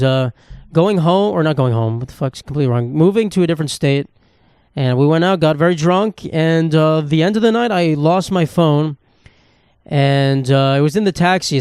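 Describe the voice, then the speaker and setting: Guy rambling solo on his phone podcast, cussing a lot, kinda high voice, super dry sound. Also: a little mellow, clean tone, dry recording. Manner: rambling, profane, self-mocking storytelling. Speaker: podcast host. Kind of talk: casual solo monologue.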